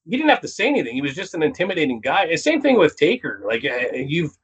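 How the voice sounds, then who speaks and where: Canadian guy telling wild backstage stories, kinda husky, pitched a bit high. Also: quick pace, rough recording. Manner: animated storyteller, acts out quotes in a higher voice. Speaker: comedian guest. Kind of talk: casual storytelling interview.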